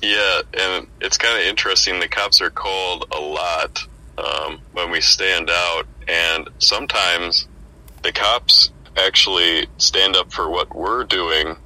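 Very deep, bright-toned man, hesitant. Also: steady tone, takes it slowly, low-quality recording. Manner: thoughtful, hesitant, searching for words. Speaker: street preacher. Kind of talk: casual Bible discussion.

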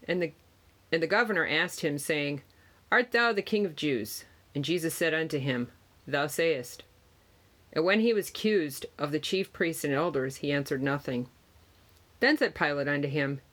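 Scripture reader, archaic wording, steady measured delivery, mid-range pitch. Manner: steady measured reading with small stumbles. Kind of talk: reading of a Gospel passage in archaic wording.

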